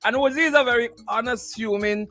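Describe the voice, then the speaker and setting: A man's voice: very high voice, fairly quick, sharp tone. A man, hosting a morning radio show and telling stories in a teasing way, repeating himself and laughing often. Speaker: radio host. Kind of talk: animated morning-show storytelling.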